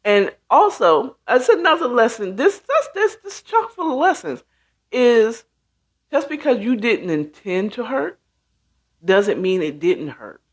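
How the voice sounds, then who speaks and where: Woman host, casual monologue, slow and emphatic, lively pitch swings. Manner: emphatic, conversational, acts out quoted reactions. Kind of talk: casual talk show monologue.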